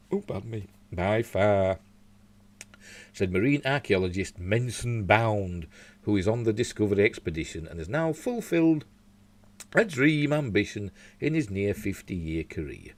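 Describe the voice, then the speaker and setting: A man's voice: fairly low pitch, lively intonation, moderate pace, a little mellow. A man with a Yorkshire accent hosting a casual news chat at home, reading articles aloud with rambling asides. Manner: rambling, chatty, with asides and slips. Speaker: news show host. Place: home room.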